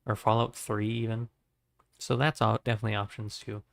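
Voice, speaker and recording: A man livestreaming from his desk, talking in a rambling, friendly way full of ums. His voice sits slightly low and sounds worn out and strained, recorded close and dry with no room sound. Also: little pitch movement, brisk, vocal fry, no room sound. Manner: rambling, filler-heavy, friendly. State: strained, tired voice. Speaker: art livestreamer. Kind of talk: casual stream sign-off chat.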